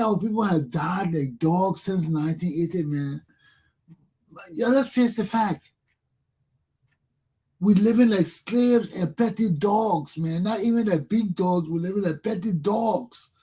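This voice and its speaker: This high-pitched voice is husky and dark in tone. It belongs to a Liberian English-accented talk show host who speaks to his audience with fervent political commentary, saying things more than once.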